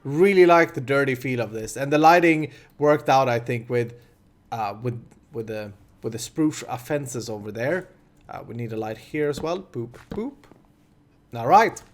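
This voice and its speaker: A man's voice: medium pitch, normal speed. A man in his thirties with a Swedish accent, hosting a casual gameplay commentary and chatting in a rambling way with many restarts. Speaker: host.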